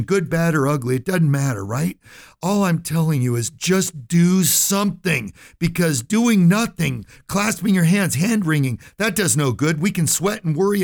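A man hosting a financial radio talk show, speaking directly to listeners in a folksy, emphatic way and often checking in with "right?" and "okay?". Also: a little high.

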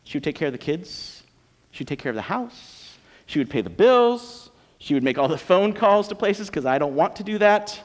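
American pastor preaching in a reverberant hall. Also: male voice, high-pitched, normal speed. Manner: joking, conversational, lively preaching. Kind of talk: sermon. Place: church auditorium. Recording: long reverb of a church hall.

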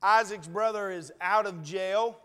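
A man preaches a sermon in an earnest, conversational manner, asking rhetorical question after rhetorical question. His voice sits high and a little slow, with a sharp but smooth tone. The long reverb of a large hall surrounds the recording.

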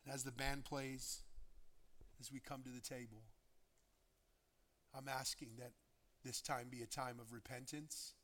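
A pastor preaching a sermon into communion, emphatic and full of rhetorical questions and repeated phrases. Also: male voice, medium pitch, steady tone, measured pace, long pauses, bright, forceful tone.

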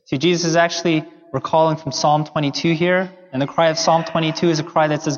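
A man delivers an earnest sermon in a conversational way, his voice sitting a bit high. The sound is muffled and carries a long reverb from a large hall. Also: fairly even intonation, fairly quick, hardly any pauses, a little hiss or hum. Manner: earnest, conversational preaching with fillers. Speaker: pastor.

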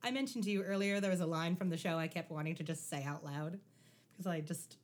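A woman's voice: on the low side, fast. A young adult woman in a casual chat, wryly recapping a TV episode and acting out lines from it. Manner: animated, wry, acts out lines from the show. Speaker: podcast co-host.

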